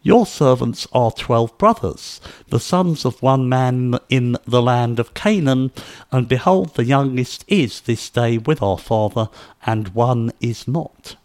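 A man's voice: medium pitch, animated, takes it slowly, darkish tone. A man voicing a group of anxious grown brothers pleading their innocence in an earnest way.

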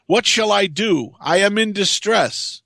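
A man reading the lines of Adam, an aged first man in pain, slow and imploring in archaic speech. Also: high-pitched, vocal fry, pushed and bright, no echo, clean studio sound, heavily acted. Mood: suffering.

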